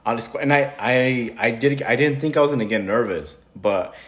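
A man's voice: mid-range voice, normal speed. A man hosting a casual chat at a kitchen table at home, laid-back and slangy, laughing along. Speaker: podcast host.

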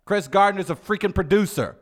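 A man's voice: high-pitched, a little fast. A man co-hosting a casual podcast, joking and putting on mock-stern scolding. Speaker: co-host.

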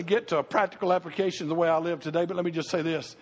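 A man's voice: fairly high pitch, fairly even intonation, rapid-fire, hardly any pauses. A middle-aged man preaching a sermon, folksy and emphatic, repeating his key phrases. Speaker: pastor. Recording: reverberant church hall, dull lo-fi sound.

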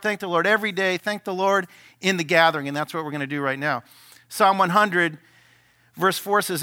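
Bright-voiced man preaching a sermon. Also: sits high. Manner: conversational preaching, acts out prayers and objections; asks the congregation questions. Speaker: senior pastor.

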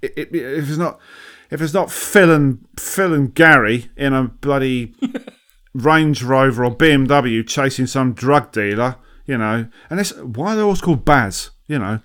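A man's voice: medium pitch, a little slow, fairly bright tone. A man co-hosting a podcast, ranting in casual comedic chat and slipping into mocking voices. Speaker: podcast co-host.

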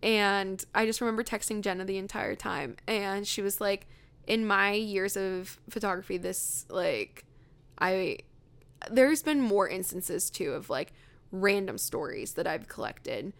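A young woman chats through a story on her podcast with an easy, rambling manner. Her voice has plenty of fry, sitting at an ordinary pitch for a woman. She leans on "like" and plays out the lines of the people in her story. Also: a little slow. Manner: chatty, says "like" constantly, acts out quotes. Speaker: podcast host. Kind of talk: casual storytelling.

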